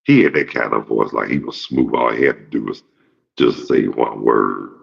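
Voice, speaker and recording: A man in his fifties with an extremely deep, gravelly voice rambles through a casual monologue, cracking jokes and cursing freely. His husky tone comes through a dull, lo-fi recording. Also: normal speed. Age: 50s. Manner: rambling, profane, jokey storytelling. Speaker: show host.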